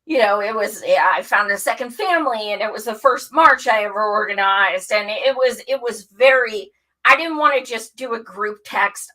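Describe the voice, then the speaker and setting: A woman's voice: mid-range voice, low-quality recording. A woman who hosts a show, telling her story in casual chat, candid and full of swearing. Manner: candid and profane, animated storytelling. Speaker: show host.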